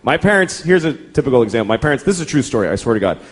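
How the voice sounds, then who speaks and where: A middle-aged man doing stand-up comedy, profane and exasperated, jumping into quick acted-out characters. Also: medium pitch, very animated. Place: comedy club stage. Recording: live club set with audience laughter and noise. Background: audience laughter and room noise.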